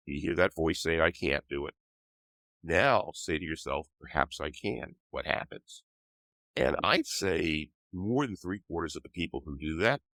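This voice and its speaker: Older guy with a cold, super deep voice, calm teacher-ish explaining, dry sound. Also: no room sound. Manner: patient, teaching tone. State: has a cold. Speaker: author and guest. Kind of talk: explanatory interview talk.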